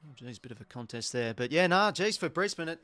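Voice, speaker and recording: A higher-pitched Australian man calls a football match live as a fan watching along. He swears freely and gets worked up over every play, with loose, chatty commentary. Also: expressive, fairly quick, bright, forceful tone, no room sound. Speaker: host.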